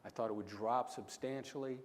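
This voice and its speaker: A man's voice: mid-range voice, fairly even intonation. Emphatic man with Midwestern-New York accent. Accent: mix of small-town Midwestern and New York City. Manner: punchy, emphatic storytelling with dramatic pauses. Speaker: keynote speaker, negotiation expert. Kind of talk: conference keynote storytelling. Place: large lecture hall. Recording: hall reverb, faint room noise.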